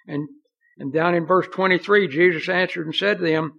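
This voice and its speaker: A man's voice: high voice, steady tone, moderate pace, vocal fry, fairly bright tone. A man preaching a sermon in an earnest, folksy way, reading scripture aloud. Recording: dull lo-fi recording.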